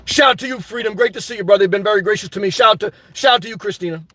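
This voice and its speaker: A man hosting a live stream, ranting emphatically about his life and shouting out his supporters, worked up and sweating. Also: high-pitched, rapid-fire. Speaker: livestream host.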